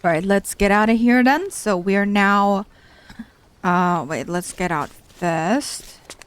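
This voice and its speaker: A woman's voice: mid-range voice, slow pace, clean tone. Chatty woman narrating her gameplay. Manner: chatty, repeats herself and exclaims when startled. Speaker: let's play host. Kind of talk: casual gameplay commentary.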